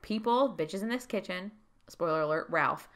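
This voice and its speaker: A woman's voice: lowish voice, lively intonation, moderate pace, fairly bright tone. A woman co-hosting a podcast, chatting casually and acting out quotes in put-on voices. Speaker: podcast co-host. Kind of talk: casual chat recapping a show.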